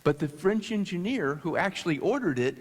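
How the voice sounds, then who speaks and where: A man from the United States telling a story to an audience, animated and halting with restarts. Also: sits high. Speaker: speaker. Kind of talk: storytelling talk. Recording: long hall reverb.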